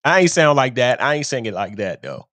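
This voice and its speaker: A man's voice: mid-range voice, very animated, brisk, fairly bright tone, dry recording. A man hosting a show, telling a story in a rambling, casual monologue and often laughing at himself. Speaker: show host.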